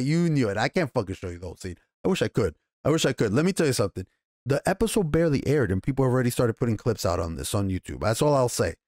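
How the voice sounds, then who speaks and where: Animated New York man recapping, dry sound. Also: medium pitch, no room sound. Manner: animated, swears freely, acts out characters' lines. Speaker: show reviewer. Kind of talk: casual recap and review.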